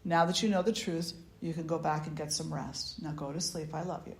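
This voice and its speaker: A woman voicing a firm but loving older grandmother who gives calm, gentle commands. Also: a little high, brisk, voice pushed up. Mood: soothing. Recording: echoey room.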